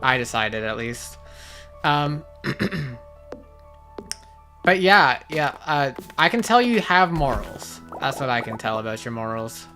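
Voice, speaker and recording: A woman's voice: a bass voice, big pitch swings, slow pace, fairly bright tone, soft background music. A woman streaming a game, chatting casually with viewers in a rambling, self-mocking way. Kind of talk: casual gaming stream chat.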